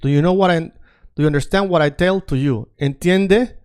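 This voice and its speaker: A man's voice: a little high, a little fast, darkish tone, clear, resonant tone. A man teaching a casual online lesson, chatty and prone to repeating himself while he works on screen. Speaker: Spanish teacher.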